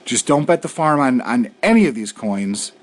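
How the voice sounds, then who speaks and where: A man's voice: mid-range voice, expressive, normal speed. Easygoing, reassuring male host. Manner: easygoing, reassuring, keeps tagging on "all right". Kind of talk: casual video commentary.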